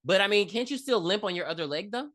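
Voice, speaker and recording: Speaking fast in a mid-range voice, this woman co-hosts a podcast. She recaps a horror movie in a casual, profane, animated way, performing the characters as she retells it.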